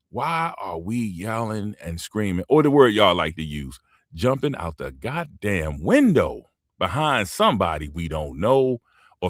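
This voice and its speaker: A man's voice: dry recording, studio quality. A middle-aged man lecturing and teasing his audience in a rambling, profane livestream monologue. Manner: lecturing, rambling, swings in pitch.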